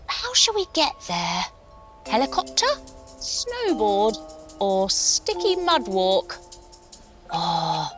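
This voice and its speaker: A woman leads a kids' yoga adventure in a high, wildly lively voice, full of gasps and sound effects. She takes her time and spells out each move slowly. Soft music plays behind her. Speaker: children's yoga host. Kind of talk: storytelling yoga lesson for kids.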